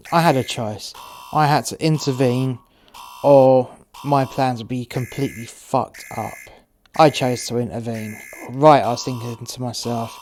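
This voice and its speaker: A foul-mouthed cartel courier, acted by a man, narrates his story in a sardonic, profane way at a mid pitch. The audio drama recording is noisy. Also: darkish tone, natural voice.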